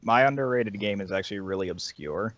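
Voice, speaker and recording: A man on a casual podcast call, describing things in a rambling, animated way. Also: on the low side, a little fast, no echo. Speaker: podcast guest. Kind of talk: casual group podcast chat. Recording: dry, dull lo-fi call audio.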